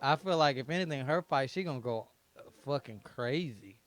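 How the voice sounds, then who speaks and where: A young adult man co-hosting a podcast in casual chat, excitable and animated, often talking over his partner. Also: mid-range voice, moderate pace, soft background music. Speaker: podcast co-host.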